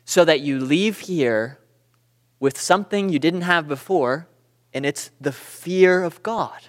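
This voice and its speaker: Guy teaching a bible class, kinda high voice, lots of hall reverb, chatty storyteller. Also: slow pace. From Southern California. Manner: conversational, animated storytelling with asides. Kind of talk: church teaching lesson.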